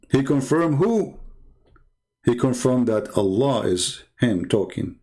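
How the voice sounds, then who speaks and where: A man's voice: mid-range voice, measured pace, warm tone. A man with an Arabic accent hosting a live online debate, mocking his opponents with a string of rhetorical questions. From Arab world. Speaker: debate channel host.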